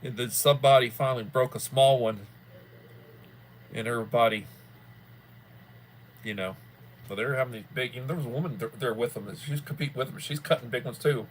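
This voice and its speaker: A man's voice: mid-range voice, fairly quick, pauses often, slight background noise. A man hosting a livestream in casual chat, rambling in a folksy way and repeating himself. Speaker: livestream host.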